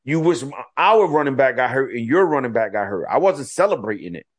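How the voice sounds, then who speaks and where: This podcast co-host has a mid-range voice and speaks a little fast. In casual chat, his storytelling is profane and lively, with plenty of quoted dialogue between people.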